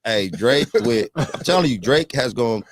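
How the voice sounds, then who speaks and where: A man's voice: medium pitch, very animated, a little slow, gravelly, no echo. Blunt, emphatic man in podcast banter. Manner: blunt, emphatic, repeats himself. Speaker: podcast co-host. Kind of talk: casual livestream chat.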